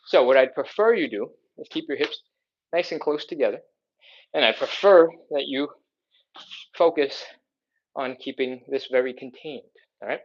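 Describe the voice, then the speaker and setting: A man's voice: medium pitch, moderate pace, long pauses, highs cut off. A man leading a live stretching class, coaching upbeat and checking in with "all right?" as he explains each move. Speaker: fitness instructor.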